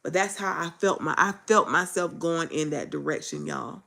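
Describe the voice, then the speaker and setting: A woman's voice: lowish voice, lively intonation, normal speed, creaky, a bit bright. A woman, talking rawly and emphatically, repeating phrases like a preacher. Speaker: faith vlogger. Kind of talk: candid faith vlog.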